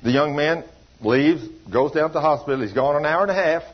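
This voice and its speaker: A storytelling preacher, a man with a rather high, husky voice, who slips into the voices of the people in his tales. The recording sounds dull and lo-fi. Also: a little fast. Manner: storytelling preacher acting out dialogue in a folksy drawl. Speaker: pastor. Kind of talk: sermon.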